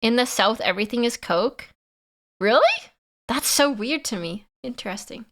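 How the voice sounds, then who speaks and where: A woman livestreamer talks casually to her chat. Her voice is bright and forward and sits a little high, and she laughs between stories. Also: animated, moderate pace. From Canada. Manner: chatty, laughs often, answers chat.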